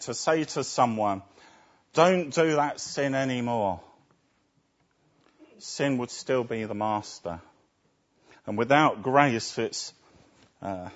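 Male preacher, deliberate sermon delivery, rhetorical questions, muffled lo-fi sound. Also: mid-range voice. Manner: asks rhetorical tag questions. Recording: dull lo-fi recording.

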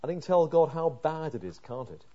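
Preaching with great animation, a man reads scripture and voices the psalmist's prayers, going from hushed pleading to loud, impassioned emphasis. His pitch is fairly high and he talks a little fast. The sound is lo-fi.

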